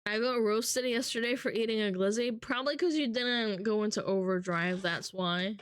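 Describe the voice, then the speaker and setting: A woman's voice: on the high side, animated, takes it slowly, long pauses, a bit bright, no room sound, studio quality. A woman streamer chatting casually with her viewers, joking and swearing and laughing often. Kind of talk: casual live-stream chat.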